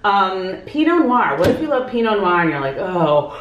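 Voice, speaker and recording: A woman's voice: mid-range voice, very animated, fairly quick, fairly bright tone, roomy sound, highs cut off, slight background noise. A woman co-hosting a wine show, chatting in a bubbly way and often saying "like". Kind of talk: casual chat.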